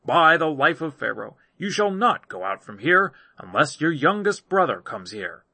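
A man's voice: fairly high pitch, sing-song, normal speed, vocal fry, husky, dry recording, heavily acted. A man doing a stern commanding Egyptian governor. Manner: commanding, forceful oaths. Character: stern male Egyptian governor testing his brothers.

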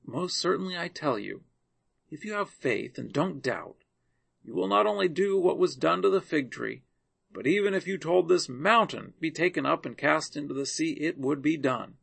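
A man voicing a compassionate male teacher in a scripture reading, speaking in a calm, earnest, measured way. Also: a little high, creaky, slightly rough, heavily acted.

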